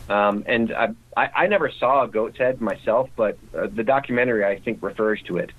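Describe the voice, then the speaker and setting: A man's voice: fairly low pitch, brisk, phone-quality sound. A man speaking as a guest in a casual interview, talking conversationally with frequent restarts.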